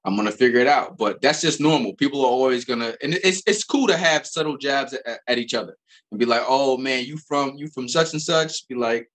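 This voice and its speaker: A man's voice: medium pitch, fairly quick, a bit bright. A man from Albany, New York, telling stories as a guest in a casual chat, rambling with many restarts. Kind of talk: casual conversational storytelling.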